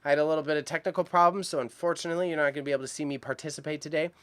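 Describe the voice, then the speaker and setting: Rapid-fire and slang-heavy, a Canadian man hosts an auction live stream, speaking casually and eagerly to chat viewers. His voice is a little high, steady in tone and fairly bright.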